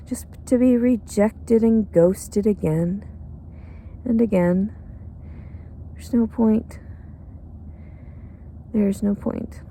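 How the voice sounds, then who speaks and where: Tired, cranky woman with a mellow voice. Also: medium pitch, drawn-out words, long pauses, a little hiss or hum. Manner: crude, bitter and profane. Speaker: pregnant homeless woman. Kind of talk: rambling confessional monologue. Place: outdoors.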